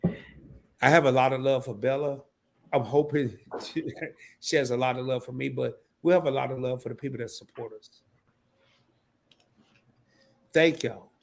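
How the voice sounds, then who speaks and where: A man's voice: medium pitch, fairly even intonation, moderate pace, gravelly. A man hosting a casual live stream, talking loosely, repeating himself and breaking into laughter.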